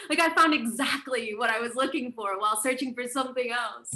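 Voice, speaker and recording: A woman's voice: a little high, fairly quick, hardly any pauses, fairly bright tone. A woman reading a play monologue at a table read, in a reflective, musing way. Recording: roomy echoey space.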